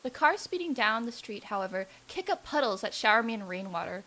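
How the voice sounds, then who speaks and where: A woman's voice: fairly high pitch, very animated, a little fast, sharp tone, exaggerated voice. A young woman voicing a weary, self-pitying young woman office worker, reading the game's lines aloud in her own voice. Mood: glum. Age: young adult. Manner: reads lines in her own voice, dramatic on pain. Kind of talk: voicing a game character aloud.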